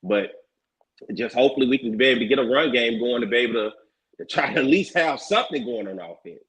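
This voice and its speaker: A man on a sports talk show, walking through a college football game at a measured pace. He keeps posing rhetorical questions as he makes his case. His voice sits in an ordinary male range. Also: medium pitch, lively intonation, a bit bright, low-quality recording. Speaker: show panelist.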